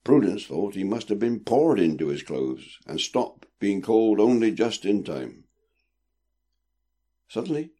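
Gravelly, expressive male storyteller. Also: on the low side. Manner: expressive, lilting narration. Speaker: narrator. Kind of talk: storybook reading.

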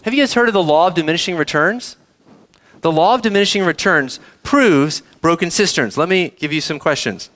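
Animated high-voiced male preacher. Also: fairly quick. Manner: animated preaching, asks the audience questions, addresses kids. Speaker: pastor. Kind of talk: sermon.

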